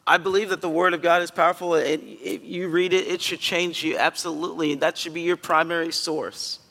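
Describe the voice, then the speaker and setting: A male pastor giving a conversational sermon in a church, earnest and emphatic, with sudden loud bursts. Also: a little high, steady tone, fairly quick, creaky, long reverb tail. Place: church sanctuary.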